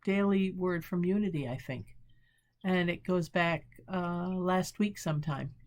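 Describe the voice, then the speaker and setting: Speaking on the low side, a woman pastor offers a short devotional talk with a prayerful tone. Gentle and in no rush, she reads slowly and gropes for words as she reflects.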